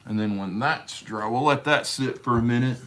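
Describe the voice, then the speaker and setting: A man's voice: mid-range voice, normal speed, a bit bright. A man chatting casually on a livestream while he works on leather in his workshop. He rambles in a folksy way and greets viewers as brother.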